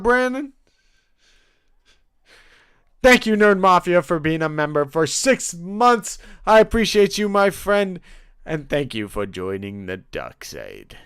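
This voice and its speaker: A man hosting a casual live watch-along stream, cheering loudly and greeting chat viewers. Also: high-pitched, smooth, no echo, studio quality. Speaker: livestream host.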